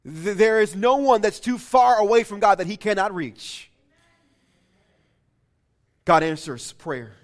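A male pastor reads a story aloud during his sermon with impassioned emphasis. His voice sits high and swings widely, rising and falling with feeling. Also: lively intonation, a little slow, long pauses.

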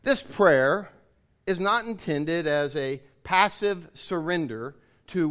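High-voiced man preaching a sermon. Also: lively intonation, takes it slowly, fairly bright tone. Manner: earnest, explanatory, restates points.

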